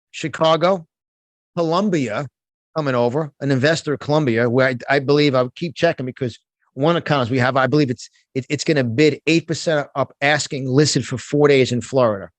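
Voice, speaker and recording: A man's voice: mid-range voice, fairly quick, dry recording. A middle-aged man with a New York accent, speaking as a guest in an interview, emphatic and fired up, often restarting his words. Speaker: guest, motivational speaker and business coach. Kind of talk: passionate conversational interview.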